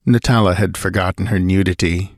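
A man reading an adventure story aloud in a steady, measured narration. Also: sits low, no room sound, clean studio sound. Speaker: audiobook narrator. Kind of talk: scripted narration.

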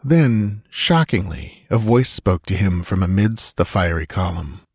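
A man narrating a sword-and-sorcery audiobook in a measured, steady storytelling manner. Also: sits low, breathy edge, dry recording, studio quality. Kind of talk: scripted narration.

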